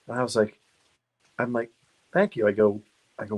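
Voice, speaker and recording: A middle-aged man chatting as a guest on a car podcast, voice sitting at an ordinary pitch. He tells his stories loosely, laughing often and tripping over restarts as he goes. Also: lively intonation, quick pace, long pauses, darkish tone. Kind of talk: casual interview storytelling.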